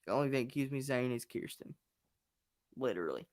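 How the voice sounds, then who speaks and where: A man's voice: medium pitch, expressive, a little fast, darkish tone, no room sound, clean studio sound. A young man hosting a wrestling review show, speaking frankly and with blunt emphasis as he vents and shares opinions. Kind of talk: casual chat.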